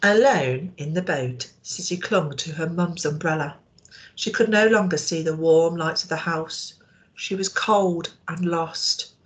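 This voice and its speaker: A woman teacher reading a storybook aloud to young children, expressive and asking them questions. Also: on the low side, unhurried.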